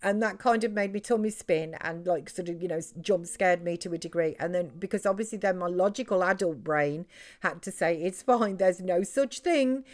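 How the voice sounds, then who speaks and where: A middle-aged British woman talks loosely while live-streaming a game, rambling with lots of fillers and restarts. Her voice is lowish and she speaks fairly quickly.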